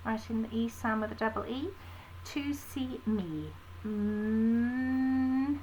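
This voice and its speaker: English woman, infant school teacher, slow careful phonics lesson, fairly high voice, faint background hiss. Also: fairly even intonation, a little mellow, low-quality recording. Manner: sounds out words slowly and clearly, sing-song teacherly. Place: home, recording a home-learning video.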